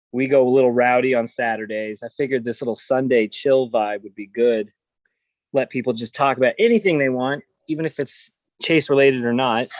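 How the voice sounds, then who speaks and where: A man's voice: mid-range voice, no echo. A man hosting a casual livestream, talking bluntly and ranting at times. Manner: blunt, gets worked up ranting. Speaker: host.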